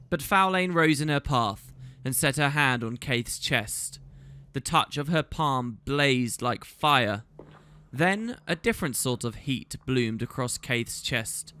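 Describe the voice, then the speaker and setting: A man, a gaming channel host, narrating a story aloud in a measured, dramatic way. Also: mid-range voice, sharp tone. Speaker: let's play host reading story.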